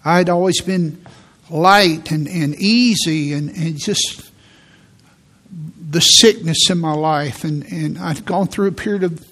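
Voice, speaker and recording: A man giving a sermon as a pastor, preaching in a church with slow, emphatic delivery and repeated key words. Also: on the high side, fairly bright tone. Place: church sanctuary.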